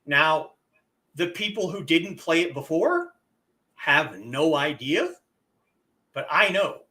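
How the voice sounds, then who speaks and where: A man's voice: fairly high pitch, very animated, slow pace, pushed and bright. A man streaming a game, talking casually and poking fun at himself. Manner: chatty, self-deprecating.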